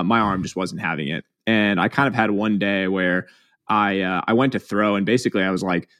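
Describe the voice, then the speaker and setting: A man's voice: lowish voice, a bit bright, no echo. A man in his thirties, a podcast guest, speaking candidly and reflectively with a lot of "like" and "um" fillers. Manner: candid, heavy use of "like" and "um". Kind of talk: reflective interview storytelling.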